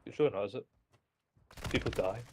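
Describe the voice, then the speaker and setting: A man's voice: lowish voice, brisk, dark tone, slight background noise. A young man, a British streamer rambling profanely in casual chat and laughing at his own jokes. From Britain.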